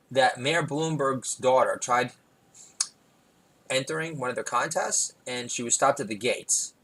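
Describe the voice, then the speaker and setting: A man rambles through a comic monologue as podcast host. He is self-deprecating and digressive and keeps breaking into loud, emphatic bursts. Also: medium pitch, slightly rough, poor audio.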